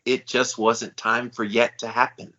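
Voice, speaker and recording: A podcast co-host who calls himself the hype guy chats casually with eager, hyped-up enthusiasm. His medium-pitched voice is bright and forceful, though the delivery is flat and measured in pace. The recording sounds slightly dull and lo-fi.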